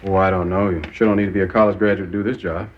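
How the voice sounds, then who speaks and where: A man's voice: low-pitched, little pitch movement, racing, muffled recording, lightly acted. An actor playing a laid-back male radio DJ who talks in an easygoing, joking way. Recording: noisy old TV audio.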